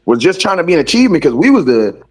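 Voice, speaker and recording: A man's voice: fairly high pitch, sing-song, very fast, darkish tone, slightly rough, faint music behind. A man co-hosting a sports talk show, blunt and opinionated, peppering his talk with "man". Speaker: podcast co-host. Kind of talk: casual sports chat.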